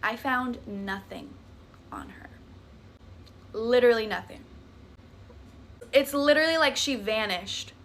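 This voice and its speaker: A woman's voice: fairly high pitch, expressive, a little slow, pauses often. A young woman with a Southern US accent tells a horror story in a casual, dramatic and profane way. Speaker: storytime creator.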